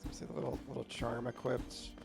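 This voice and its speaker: A man's voice: medium pitch, flat delivery, brisk, gravelly, loud music behind the voice. A man streaming a video game, chatting casually with rambling, upbeat commentary. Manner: rambling, self-correcting, upbeat.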